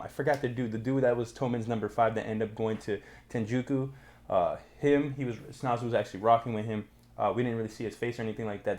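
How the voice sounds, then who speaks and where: A young man hosting a casual manga review channel, talking in energetic slang with lots of fillers. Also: on the low side. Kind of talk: casual chat, recapping a manga.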